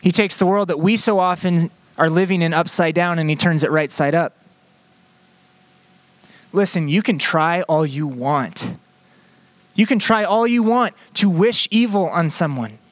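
A man preaching a sermon in a conversational, playful way, moving between quick asides and slow, emphatic phrases. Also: on the high side, no room sound. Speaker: pastor.

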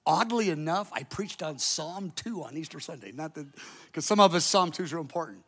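A man preaching as a pastor, telling a story in an animated way, jumping from loud outbursts to hushed asides and acting out the people in it. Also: on the high side, normal speed, slightly rough. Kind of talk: sermon storytelling.

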